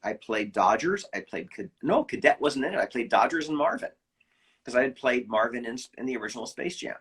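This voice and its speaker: A man, a voice actor, telling animated behind-the-scenes anecdotes in a casual interview, with quick restarts. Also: mid-range voice, breathy edge. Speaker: voice actor guest.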